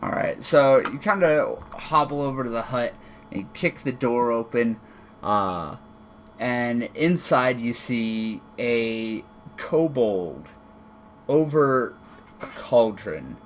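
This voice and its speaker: A man narrating as game master of a tabletop game, relaxed, with many fillers and restarts. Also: mid-range voice, slow, a little hiss or hum. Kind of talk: narrating a tabletop game over an online call.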